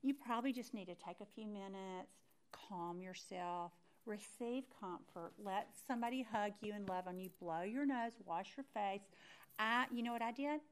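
Teaching a Bible study, a middle-aged woman relates a personal story in a smooth, medium-pitched voice at a moderate pace. She's animated, dramatizing her own thoughts as she goes.

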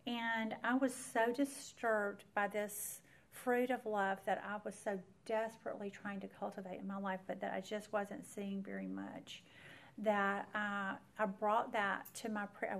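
A woman, earnestly telling a personal faith story to an audience as a Bible teacher. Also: mid-range voice. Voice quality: earnest storyteller who speaks straight to the audience. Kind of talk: personal faith testimony talk.

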